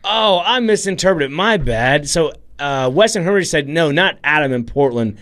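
A man's voice: on the high side, animated, normal speed, fairly bright tone. A man co-hosting a radio show, reading listener texts aloud in an easygoing, slightly hesitant way. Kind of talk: casual radio banter.

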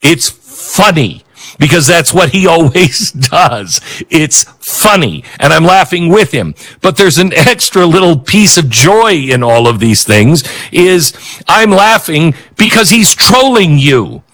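Guy hosting a political show, sarcastic and chuckly, voice jumps all over, kinda highish. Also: very animated, slow pace, a bit bright. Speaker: political talk show host. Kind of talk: opinionated commentary.

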